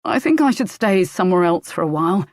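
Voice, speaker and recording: A woman's voice: lowish voice, very animated, quick pace, a little mellow, no room sound, studio quality. A woman reading a strained young man, pleading and agitated. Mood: pained.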